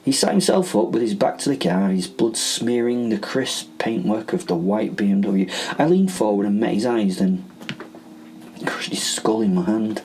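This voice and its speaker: A man's voice: on the low side, normal speed, a little mellow, a little hiss or hum, poor audio. A man, reading a first-person horror story in a casual way with joking asides. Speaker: podcast host.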